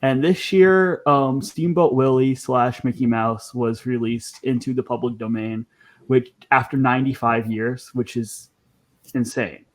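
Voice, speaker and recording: A man's voice: medium pitch, steady tone, unhurried. A man hosting a podcast, talking casually and chattily, with frequent ums and restarts. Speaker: podcast host.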